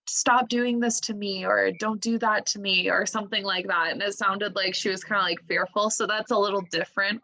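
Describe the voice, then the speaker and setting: A woman's voice: medium pitch, sharp tone, poor audio. A young woman co-hosting a podcast, chatting casually and filling her talk with "like" and "you know". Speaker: podcast co-host. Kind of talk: casual chat.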